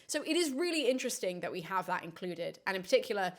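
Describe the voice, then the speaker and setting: Casting: young woman host, lively analyst, quick asides, playful character voices. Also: mid-range voice. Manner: animated, quick asides, acts out characters' lines. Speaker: classicist host. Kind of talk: enthusiastic film analysis.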